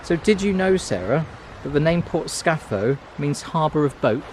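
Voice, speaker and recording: A man's voice: a little high, expressive, normal speed, a little mellow, a little hiss or hum, rough recording. A man co-hosting a walking vlog, reading plaques aloud and teasing his companion. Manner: dry, teasing. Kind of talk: casual chat, reading signs aloud. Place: outdoors on a coastal walk.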